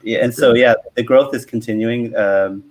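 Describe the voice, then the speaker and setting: A man speaking as a guest expert on a casual video call, relaxed and talking in loose restarts. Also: medium pitch, normal speed. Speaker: franchise growth expert guest.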